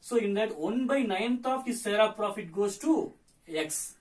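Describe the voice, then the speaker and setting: Male teacher, hoarse with fever, high voice, heard from a distance, patient step-by-step working. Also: expressive, a little slow. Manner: repetitive step-by-step explaining. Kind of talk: accountancy lesson.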